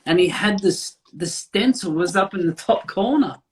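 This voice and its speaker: A man's voice: high voice, expressive, normal speed, a little hiss or hum. A man, a tattoo artist rambling through stories with fillers and swearing. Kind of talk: casual chat.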